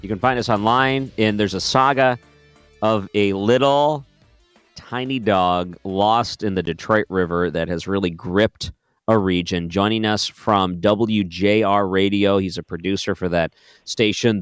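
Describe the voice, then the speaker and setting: A man's voice: a little slow, clean tone, dry recording, studio quality, soft background music. A man hosting an overnight radio talk show, chatty and joking as he brings on a guest. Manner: chatty, jokes about deep radio voices. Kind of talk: casual talk radio interview.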